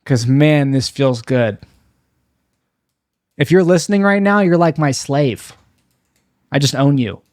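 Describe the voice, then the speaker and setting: A young man with a slightly high voice rambles through a bitter, self-mocking stand-up monologue, stumbling and restarting his sentences. The recording is dry and close, with no room sound. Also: expressive, normal speed, darkish tone, no echo. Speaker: stand-up comedian.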